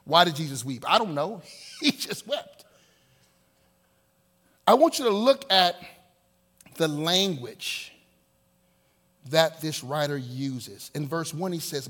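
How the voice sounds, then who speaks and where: A male pastor preaching a sermon with dynamic swings from loud to hushed, acting out prayers in quoted voices. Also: high-pitched, expressive, a little slow, long pauses, breathy edge.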